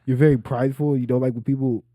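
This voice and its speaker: A man's voice: mid-range voice, steady tone, fast, mellow, no room sound, studio quality. A young man co-hosting a casual podcast, teasing friends and laughing, often trailing off. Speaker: podcast co-host. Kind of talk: casual chat.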